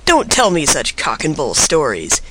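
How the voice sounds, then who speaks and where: A man's voice: fairly high pitch, wildly swooping pitch, normal speed, noisy background, voice pushed down. A man doing a furious hot-tempered traveler. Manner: shouting, indignant.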